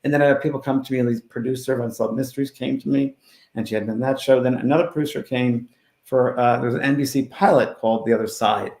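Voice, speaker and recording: A man who is a spiritual medium, telling stories in a casual interview and swinging between loud and hushed. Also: medium pitch, steady tone, quick pace. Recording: roomy echo.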